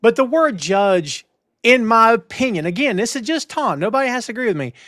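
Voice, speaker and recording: A man hosting a wrestling news talk show, emphatic and animated, with lots of restarts. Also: extremely high pitch, fairly quick, no echo, clean studio sound. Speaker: podcast host. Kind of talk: casual wrestling news chat.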